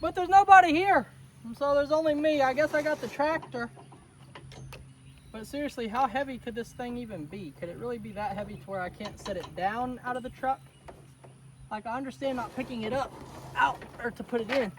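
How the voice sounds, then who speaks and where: A young man vlogs casually to camera outdoors on a rural homestead, repeating himself and calling his viewers y'all. His voice is extremely high and a little fast, with a slight hiss or hum and insects and crickets in the background.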